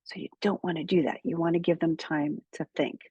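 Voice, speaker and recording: Husky, measured woman coaching on speaking. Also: low-pitched, fairly even intonation, warm tone, no echo, highs cut off. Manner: measured, emphatic, deliberate pauses. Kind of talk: direct-to-camera speaking tips.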